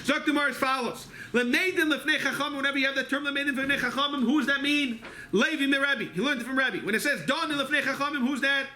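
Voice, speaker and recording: High, sharp-voiced man teaching in an echoey hall. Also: a little hiss or hum. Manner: rapid, quizzing himself with questions. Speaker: Talmud class teacher. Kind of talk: Talmud study lecture. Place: synagogue study hall.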